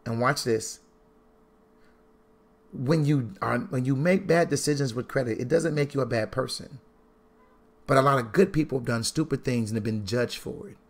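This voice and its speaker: A man giving a sermon-style talk on money, preacherly and animated, repeating lines for emphasis and swinging from low asides to loud bursts. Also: moderate pace, long pauses. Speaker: Christian financial teacher.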